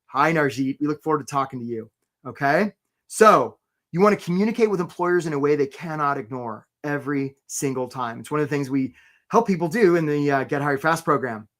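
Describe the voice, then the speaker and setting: Energetic man coaching a live webinar. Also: fairly high pitch, fairly quick. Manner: energetic and conversational, keeps asking "right?". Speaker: career coach hosting a webinar.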